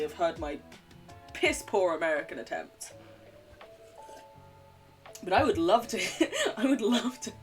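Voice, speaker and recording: A young woman with a standard English accent, chatting to her viewers in a giggly, teasing way while she plays a game. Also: medium pitch. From England. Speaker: streamer. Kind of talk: casual live-stream chat while gaming.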